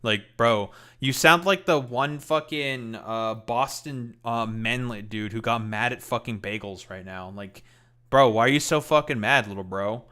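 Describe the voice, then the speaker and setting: A male streamer reacts to a clip, heckling it with profane, mocking commentary. His voice sounds forceful and bright, at an average pitch for a man. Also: unhurried, clear, resonant tone. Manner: mocking, heated, profane, with laughs. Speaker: streamer host.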